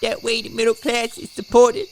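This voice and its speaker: A man's voice: very high-pitched, fairly even intonation, normal speed, a little hiss or hum. A man voicing a caricature of a female politician who rambles and repeats herself.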